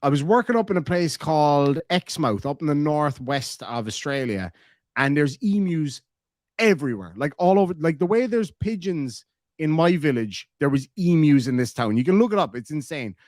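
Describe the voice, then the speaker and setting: A man's voice: on the high side, lively intonation, moderate pace, darkish tone, no room sound. Irish man, casual streamer, rambling and swearing, dry close mic. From Ireland. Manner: rambling storyteller, swears freely. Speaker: streamer reading chat. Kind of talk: casual chat.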